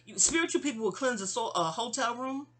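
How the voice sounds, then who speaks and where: Brief: bright-voiced woman, rambling personal storyteller, stammering restarts, side asides. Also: on the high side, animated, quick pace. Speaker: memoir storyteller.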